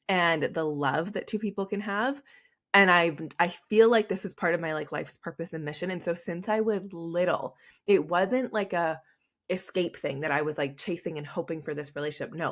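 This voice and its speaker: Young woman host, low voice, rambling confessional podcast talk, tearful. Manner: candid and emotional, rambling with many fillers.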